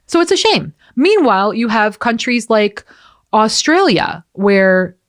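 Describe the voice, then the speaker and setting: A woman's voice: on the high side, sing-song, a little slow. An American woman hosting a podcast, chatting casually and frankly and swearing now and then. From United States. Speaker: podcast host. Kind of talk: casual chat.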